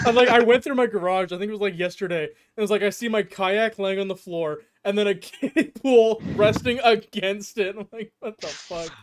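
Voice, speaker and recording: High-voiced young man, joking casually. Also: normal speed. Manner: joking, laughs often, swears casually. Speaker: podcast co-host. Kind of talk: casual chat among friends.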